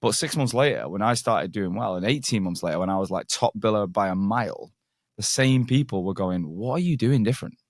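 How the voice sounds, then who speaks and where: An English man hosts a podcast in a casual interview-style chat, his fairly low voice animated and brisk. The recording is dry with clean studio sound, and his storytelling is heavy on banter and free swearing.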